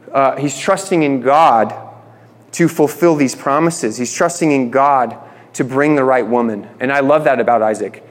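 A man preaching a conversational Bible sermon as a pastor, enthusiastic and often restarting his phrases. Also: on the high side. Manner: enthusiastic, repeats words as he restarts. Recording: long reverb.

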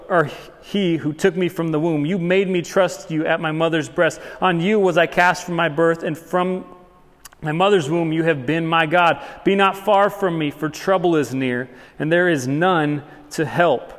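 Man, pastor, sermon, animated preaching, higher voice, long hall echo. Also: normal speed. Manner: animated preaching, reading scripture aloud with rising intensity. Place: church sanctuary.

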